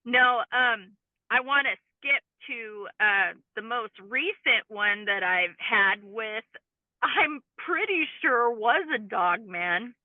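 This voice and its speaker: Slow and expressive, with a high-leaning voice, a cryptid field researcher earnestly details a personal encounter as an interview guest. The audio is a dry, tinny, phone-like line without echo.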